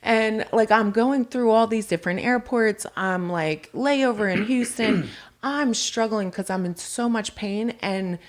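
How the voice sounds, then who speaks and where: A woman guest on a podcast, telling her story in casual chat, lively and full of "like" fillers. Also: medium pitch, a little slow.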